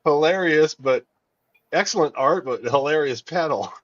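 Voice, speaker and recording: A man's voice: fairly high pitch, animated, moderate pace, dry recording, muffled recording. A man chatting casually on a livestream, making laid-back remarks.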